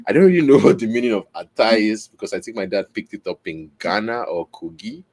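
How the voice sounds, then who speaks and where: A man's voice: lowish voice, lively intonation, fairly quick, darkish tone. A man hosting his own podcast, explaining in a rambling, self-correcting way and checking in with "right?" as he goes, recorded on a camera mic indoors. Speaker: podcast host. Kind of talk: casual explainer, teaching on camera.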